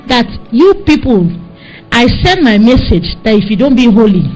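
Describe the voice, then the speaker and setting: Nigerian woman preaching hard, pleading voice that jumps up high, soft music under it. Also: sing-song, normal speed, poor audio. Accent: Nigerian English. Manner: fervent, pleading, rises to high cries. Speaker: preacher giving testimony. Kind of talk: impassioned preaching and dream testimony.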